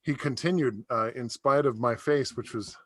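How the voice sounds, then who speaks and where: A man's voice: medium pitch, moderate pace, slight background noise. A middle-aged man doing a stand-up comedy set over a video call, telling rambling stories and laughing at his own jokes.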